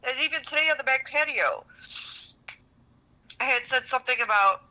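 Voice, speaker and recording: A woman's voice: high voice, moderate pace, pushed and bright, rough recording. A woman telling a personal relationship story as a podcast guest, frustrated, venting, and swearing a lot. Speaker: guest seeking relationship advice.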